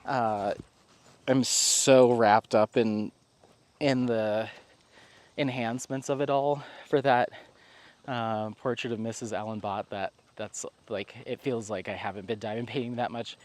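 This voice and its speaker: A man's voice: medium pitch, steady tone, measured pace. A man chatting casually in a rambling way while walking outdoors in town, with frequent fillers and laughs. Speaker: vlogger.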